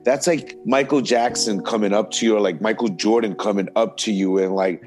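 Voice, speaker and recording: A man's voice: lowish voice, brisk, a little mellow, soft background music. A man co-hosting a casual podcast who talks candidly and emotionally, swearing freely. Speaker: podcast co-host. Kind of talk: casual chat.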